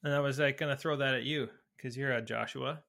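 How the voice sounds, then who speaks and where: Bright-voiced man pressing a question. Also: medium pitch, steady tone, a little fast, vocal fry. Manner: curious, presses the point, asks questions. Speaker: podcast co-host. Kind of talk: casual chat.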